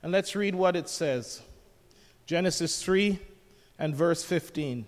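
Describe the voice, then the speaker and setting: A man's voice: on the high side, slow pace, long reverb tail. An older man preaching a sermon as pastor, jovial and conversational, asking the congregation questions.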